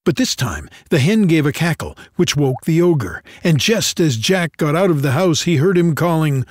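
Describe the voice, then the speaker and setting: A man reading a fairy tale aloud in an expressive, unhurried storytelling manner. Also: a little high, no room sound, studio quality.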